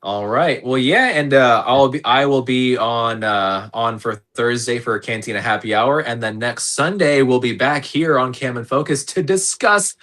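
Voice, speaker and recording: Male podcast host, bright, easygoing, lots of fillers. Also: mid-range voice, moderate pace, few pauses. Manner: easygoing, hesitant with many fillers. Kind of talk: casual chat.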